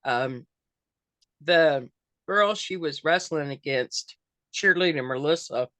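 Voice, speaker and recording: A woman's voice: low voice, takes it slowly, fairly bright tone, no room sound. An older woman chatting as an interview guest, rambling with lots of fillers and restarts. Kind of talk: casual interview chat.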